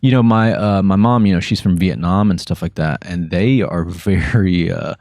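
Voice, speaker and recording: A man's voice: low-pitched, moderate pace, darkish tone, no echo, clean studio sound. A man hosting a podcast, chatting casually and easygoingly with his guest, often trailing off mid-thought. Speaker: podcast host. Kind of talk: casual interview chat.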